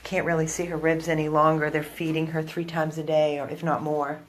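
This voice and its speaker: A woman's voice: low-pitched, flat delivery, brisk. A woman from an animal rescue, filming indoors on a handheld phone and talking earnestly and emotionally straight to her viewers. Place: indoor room.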